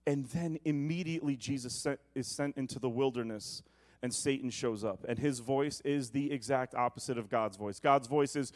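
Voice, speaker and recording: A male pastor preaching a sermon to his congregation, moving between emphatic proclamation and quiet, joking asides. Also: normal speed. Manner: preaching, shifting from booming to hushed asides.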